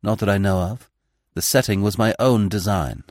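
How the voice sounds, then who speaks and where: A man voicing a young male prisoner who answers quietly and steadily in an audiobook reading. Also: on the low side, normal speed, no echo, lightly acted. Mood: steady.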